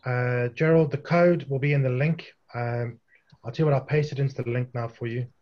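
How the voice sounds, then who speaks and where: A man's voice: mid-range voice, brisk. Man answering questions on a lo-fi call. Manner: relaxed, chatty, with frequent restarts. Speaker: guest presenter. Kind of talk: Q&A after a technical talk on a video call. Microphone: video call. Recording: lo-fi video call audio.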